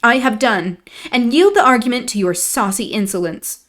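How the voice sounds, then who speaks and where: A woman's voice: a little high, expressive, normal speed, fairly bright tone, pitched above the performer's own voice. A woman doing a scornful, proud young lady. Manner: scornful, emphatic. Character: proud, sharp-tongued young lady of the house.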